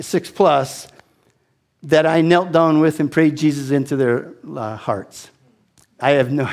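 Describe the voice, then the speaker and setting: A man in his sixties telling a personal testimony as an animated, self-deprecating storyteller with frequent restarts. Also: on the high side. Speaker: speaker giving a testimony.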